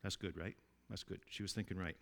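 A man preaching a sermon in a conversational way, often asking his listeners to agree and dropping his voice low and soft for emphasis. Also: fairly even intonation, brisk, vocal fry. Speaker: pastor.

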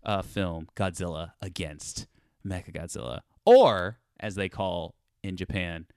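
A man with a lowish, smooth and resonant voice co-hosts a podcast in easy casual chat. He rambles, filling gaps with ums and circling back on his sentences. The sound is close and completely dry. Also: animated, measured pace, a little mellow, no room sound. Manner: rambling, many ums and restarts. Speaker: podcast co-host.

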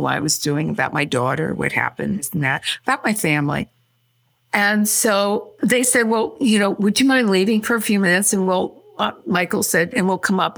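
An older woman from California, a guest in an interview, telling her story quickly and acting out what people said. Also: mid-range voice. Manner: animated, quick storyteller who acts out quotes.

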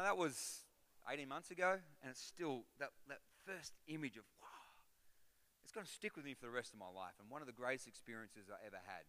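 A man preaching a sermon, telling a personal story and building to loud, repeated calls. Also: medium pitch. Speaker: pastor. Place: large church hall. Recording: long hall reverb.

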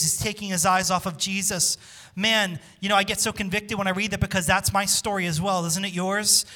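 A man's voice: high voice, sharp tone. A male pastor preaching a sermon with emphatic delivery, putting questions to his congregation.

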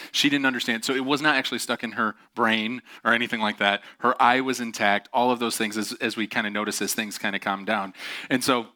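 A middle-aged man preaches from the pulpit, opening his sermon with a long story. His voice is bright and forceful, sitting at an average pitch. He is animated and self-mocking, and he keeps laughing at his own tale. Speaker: pastor.

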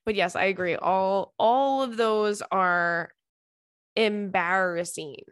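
A woman's voice: mid-range voice, slow, clean tone, dry recording, studio quality. A young woman hosting a podcast, chatting casually and rambling through listener messages with lots of fillers. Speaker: podcast host.

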